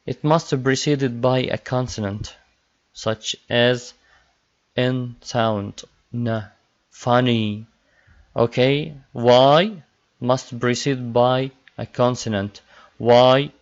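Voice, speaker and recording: Slow-talking male English teacher. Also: mid-range voice, fairly even intonation. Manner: slow, repetitive drilling of word pairs. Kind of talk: classroom grammar lesson. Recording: dull lo-fi recording.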